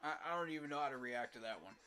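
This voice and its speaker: A young fan streamer fires off a rapid rant about his football team during a live sports reaction, sounding exasperated and repeating himself for emphasis. His mid-range voice is bright and forceful, with lively intonation.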